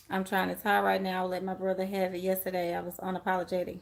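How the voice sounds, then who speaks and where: A woman's voice: mid-range voice, monotone, quick pace, vocal fry, few pauses. A woman giving a live-stream tarot reading, chatting with viewers and laughing often. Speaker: tarot reader.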